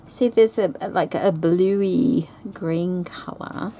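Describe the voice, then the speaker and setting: A craft vlogger sews while chatting casually about stitching, musing slowly and softly over threads and stitches as though thinking aloud. Her voice is mellow and low with a gravelly edge, she has the hiccups, and a faint hum sits under the recording.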